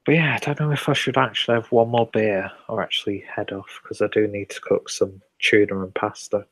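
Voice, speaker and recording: An English man hosting a live beer review stream, chatting casually and reading out viewer comments in a relaxed, rambling way. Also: lowish voice, brisk, no echo, rough recording. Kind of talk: casual late-night live stream chat.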